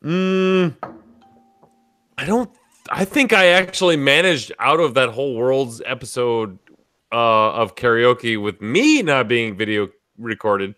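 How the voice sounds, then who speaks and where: Man, tipsy host, lively swooping voice, slow drawn-out talk, dry close sound. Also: mid-range voice, no room sound. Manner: boisterous, swearing, laughing often, tipsy. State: tipsy from drinking. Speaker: podcast host. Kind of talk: casual livestream chat.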